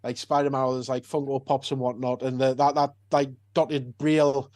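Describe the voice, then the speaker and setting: A man's voice: mid-range voice, little pitch movement, normal speed, a little mellow, no echo. A man, a convention organiser talking casually on a podcast, rambling with lots of restarts and fillers. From North East England.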